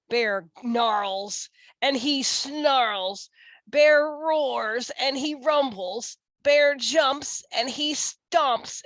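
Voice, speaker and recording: Slow expressive woman reading aloud. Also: fairly high pitch, no echo. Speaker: storyteller. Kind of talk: children's picture book read-aloud.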